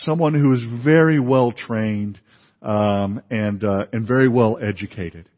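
A pastor giving a sermon in a conversational way, with many fillers and restarts. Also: male voice, fairly low pitch, a little slow. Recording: dull, lo-fi recording in a reverberant hall.

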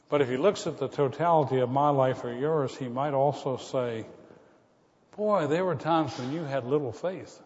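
A man preaching a sermon as pastor, dropping to hushed tones and rising to loud calls. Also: medium pitch, moderate pace, breathy edge. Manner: dramatic shifts from hushed to loud. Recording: muffled sound with long hall reverb.

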